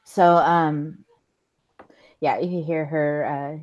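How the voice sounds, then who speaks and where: A woman's voice: low voice, fairly even intonation, very slow, pauses often, darkish tone, rough recording. A woman running a tabletop role-playing game, narrating the scene in a laid-back way with many fillers and laughs. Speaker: game master.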